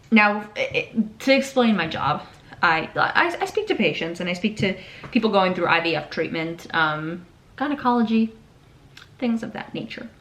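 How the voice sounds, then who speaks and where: A young woman in her twenties chatting candidly to camera, swearing freely and acting out what people said to her. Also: medium pitch. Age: 20s. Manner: candid, animated, swears freely, acts out quotes. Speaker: vlogger; patient navigator. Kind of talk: casual confessional chat.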